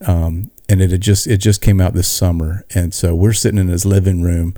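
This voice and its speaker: A man co-hosting a podcast, telling a story in a casual, animated way with many restarts. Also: sits low, fairly quick, no echo, studio quality. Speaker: podcast co-host. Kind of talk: casual chat.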